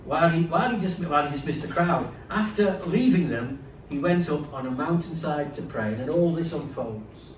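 A man's voice: fairly high pitch, animated, normal speed, few pauses, recorded from a distance, slight background noise. A man preaching a sermon, conversational and emphatic, with frequent asides. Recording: roomy, from off-mic, faint ambience.

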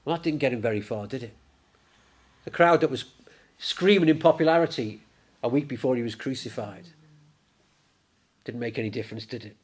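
A man preaching a sermon in church, lively and conversational, raising his voice when he acts out the disciples. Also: mid-range voice, a little fast, pauses often, slightly rough. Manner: animated, acts out the disciples in a raised voice.

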